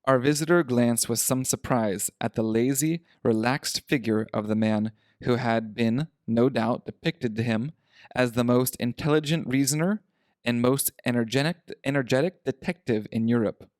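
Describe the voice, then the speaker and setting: Clear, measured male storyteller. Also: mid-range voice, darkish tone, dry recording, clean studio sound. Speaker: storyteller for English learners. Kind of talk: scripted story reading.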